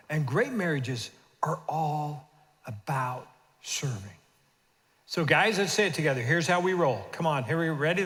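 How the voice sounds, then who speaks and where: Man in his 60s, pastor, sermon, slightly high voice, reverberant church hall, calls for repeat-after-me. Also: fairly bright tone. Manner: urges the congregation to repeat after him. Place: church sanctuary.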